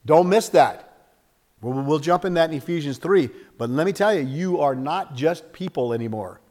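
Animated man preaching in a big hall. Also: moderate pace. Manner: animated, acts out little scenes with sudden jumps in pitch and volume. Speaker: pastor. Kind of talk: sermon.

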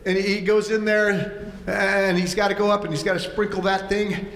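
Preacher with a slightly high voice, echoey hall. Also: male voice, moderate pace. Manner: animated storytelling, acts out voices, repeats words. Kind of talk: sermon.

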